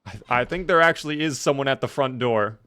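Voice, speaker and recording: A man's voice: medium pitch, fairly quick, pushed and bright. A man streaming a game live, chatting playfully with his viewers and thanking them as he plays. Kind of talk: live gameplay commentary.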